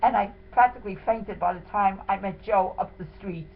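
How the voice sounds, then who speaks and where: A woman's voice: mid-range voice, brisk, gravelly, slightly rough. A woman giving an emotional, indignant first-person account of what happened to her and her husband. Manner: indignant, dramatic retelling. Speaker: wife telling her story. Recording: tinny phone-like sound with faint hiss.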